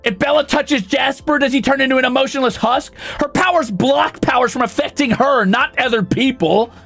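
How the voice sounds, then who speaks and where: A man streaming, ranting indignantly and profanely, often breaking into shouts. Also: extremely high pitch, normal speed, creaky, faint music behind. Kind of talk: casual stream rant.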